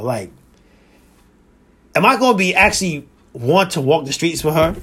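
A man co-hosting a podcast in casual chat, slangy and laid-back, repeating points slowly for emphasis. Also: sits high, very animated, a bit bright, husky. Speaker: podcast co-host.

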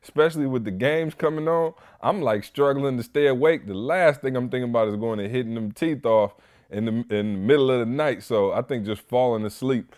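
A young man hosting a podcast, chatting casually and telling animated stories, jumping to high-pitched voices when he imitates people. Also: a little fast. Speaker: podcast host. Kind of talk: casual chat.

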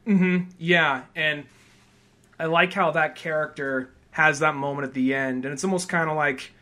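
A young man hosting a podcast, chatting casually about a film, rambling with lots of fillers and loudly acting out quotes. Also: fairly high pitch, fairly even intonation, normal speed. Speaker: podcast host. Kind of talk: casual film review chat.

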